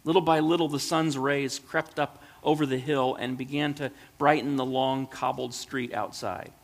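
A man reading a storybook aloud in a gentle, measured way. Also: mid-range voice, fairly even intonation. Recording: long hall reverb.

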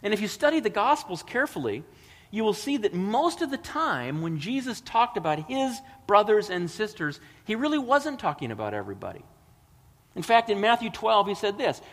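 A man's voice: high voice, sing-song, moderate pace, a bit bright. A man preaching a sermon, reading scripture dramatically and explaining it with emphatic, rising delivery. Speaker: pastor. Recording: long hall reverb.

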